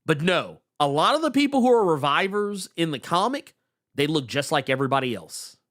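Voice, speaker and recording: A man co-hosting a podcast, chatting casually about comics with animated stammering restarts. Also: on the high side, a little fast. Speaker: podcast co-host. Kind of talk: casual comic book chat.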